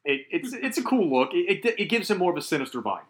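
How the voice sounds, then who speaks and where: A man co-hosting a casual comic book podcast, animated, laughing often and acting out quotes. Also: high voice, fast talker. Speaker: podcast co-host.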